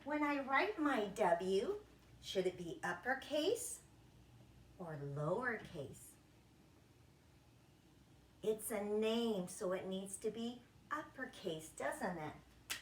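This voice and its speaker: A woman's voice: mid-range voice, big pitch swings, slow, pauses often, a little hiss or hum. A young woman teaching young children, upbeat and encouraging as she counts aloud in a sing-song way. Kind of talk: children's lesson, counting and letters. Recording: echoey room.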